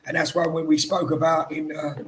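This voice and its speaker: A man's voice: a little high, little pitch movement, a little fast, fairly bright tone, slight background noise, low-quality recording. A tired man hosting a casual, banterous football chat podcast. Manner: chatty, banterous. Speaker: podcast host.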